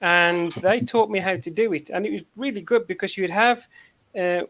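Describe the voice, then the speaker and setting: High-voiced Black Country man, rambling. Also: normal speed, a bit bright. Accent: Black Country English. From England, Black Country. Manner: rambling storyteller, many fillers and restarts. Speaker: host of a live online hangout. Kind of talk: casual group chat.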